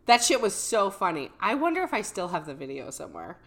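A woman's voice: mid-range voice, quick pace. A woman co-hosting a podcast in casual chat, telling stories with frequent laughter and casual swearing. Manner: laughs often, swears casually, animated storytelling. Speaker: podcast co-host. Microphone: studio microphone.

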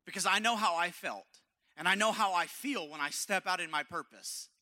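A male pastor preaching an impassioned sermon at a church service, hoarse, dropping to a hush and then rising loud. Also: high voice, moderate pace. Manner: impassioned, swinging from hushed to loud.

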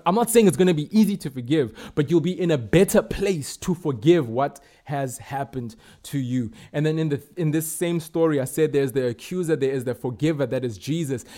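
A man delivers a sermon in a mellow, warm voice that sits a little high for a man. He preaches emphatically, repeating his key lines, with fillers and restarts along the way. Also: brisk, few pauses.

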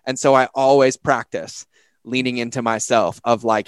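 A man in recovery chatting on a podcast, telling personal stories with lively acted-out quotes. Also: medium pitch, moderate pace, clear, resonant tone, no echo. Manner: animated storyteller, acts out quotes. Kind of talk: casual conversation.

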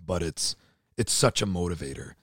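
A man in his thirties with a hoarse, worn-out voice, talking in a casual, earnest and emotional way and swearing freely. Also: sits low, animated, normal speed, no room sound, clean studio sound. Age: 30s. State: hoarse, voice nearly gone. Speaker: podcast co-host, CrossFit athlete. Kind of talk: casual chat.

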